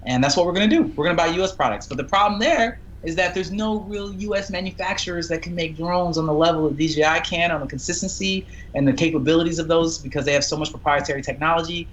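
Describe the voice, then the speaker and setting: A man who is a guest on a live stream, telling stories in a casual, animated way and acting out quotes. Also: on the high side, quick pace, few pauses, dull audio, a little hiss or hum. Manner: animated storytelling with acted quotes. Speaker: guest drone entrepreneur.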